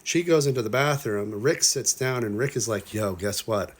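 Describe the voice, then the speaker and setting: A man casually breaking down a film as a reviewer, chatty and full of "like", with exasperated, incredulous asides. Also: mid-range voice. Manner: chatty, lots of "like", quick asides. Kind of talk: casual movie breakdown commentary.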